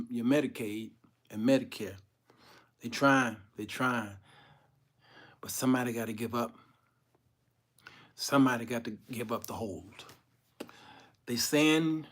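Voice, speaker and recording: A man hosting a comedic commentary monologue, telling stories in an animated, folksy way. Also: mid-range voice. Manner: animated, laughs often, folksy storytelling. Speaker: host.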